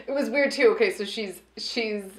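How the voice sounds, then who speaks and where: A woman's voice: a little high, moderate pace. A woman co-hosting a casual movie review podcast, chatty and profane, with lots of "like". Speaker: podcast co-host. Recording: roomy echo.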